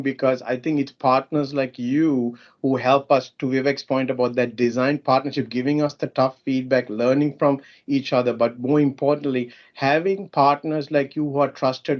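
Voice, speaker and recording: A man delivers upbeat, emphatic closing thoughts on an online panel in a mid-range voice. The video call audio comes through dull and lo-fi. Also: mid-range voice. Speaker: panelist, vendor representative.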